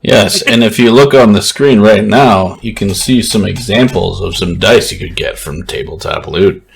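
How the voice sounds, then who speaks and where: A man chatting as a player and co-host, halting and repeating himself. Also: fairly low pitch, vocal fry. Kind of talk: casual chat.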